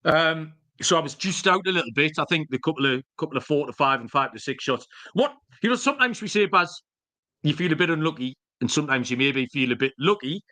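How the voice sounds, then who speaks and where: A man's voice: a little high, lively intonation, brisk, bright, forceful tone. A man co-hosting a podcast, telling jokey, rambling stories with the odd swear word. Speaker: podcast co-host. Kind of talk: casual chat.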